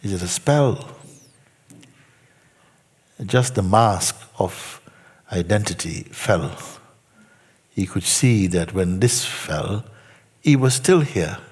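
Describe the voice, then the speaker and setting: Low husky man teaching in a hall. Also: animated. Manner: unhurried storytelling, soft asides dropping near a whisper. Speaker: spiritual teacher. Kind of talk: storytelling spiritual talk to a group.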